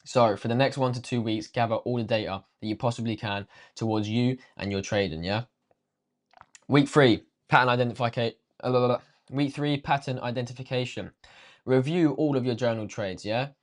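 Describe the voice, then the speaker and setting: A man's voice: mid-range voice, normal speed. A young man teaching a casual trading lesson, slangy and swearing freely, talking straight to viewers. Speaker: trading coach.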